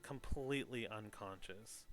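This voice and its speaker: A man's voice: lowish voice, measured pace, fairly bright tone, faint music behind. A man narrating a tabletop game as game master, in a loose, descriptive way. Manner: loose, descriptive, lots of "like" and "kind of".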